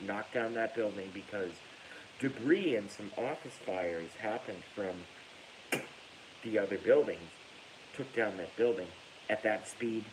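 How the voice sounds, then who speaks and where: Angry ranting host, low voice, drawn-out delivery, faint hiss behind. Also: male voice, low-quality recording. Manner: angry, profane, breaks into laughter. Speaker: livestream host reading viewer comments. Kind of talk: ranting livestream monologue.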